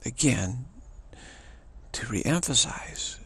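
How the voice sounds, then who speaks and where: A man's voice: expressive, very slow, creaky, a bit bright, breathy edge. A man giving a rambling spiritual talk, repeating himself and stammering on restarts. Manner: mocking high voices for quoted people. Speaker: spiritual teacher.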